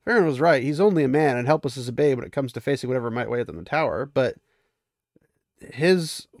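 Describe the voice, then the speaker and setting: Here the recap host talks fast with lively intonation and a slightly mellow tone, captured dry in a studio. Summarizing a fantasy novel in a casual, chatty way, he laughs at the story and playfully voices the characters.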